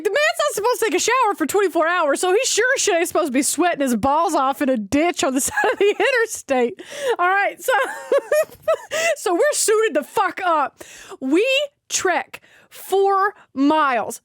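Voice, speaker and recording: A young woman telling a story on stream, animated, swearing freely and laughing often. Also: extremely high pitch, no echo, studio quality. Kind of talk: casual storytelling.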